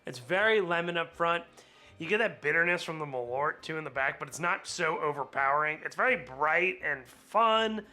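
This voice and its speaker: A man's voice: on the high side, expressive, moderate pace, pushed and bright, soft background music. A man hosting a casual cocktail-making vlog, chatty and laughing often with rambling asides, a little hungover. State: slightly hungover. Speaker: cocktail channel host.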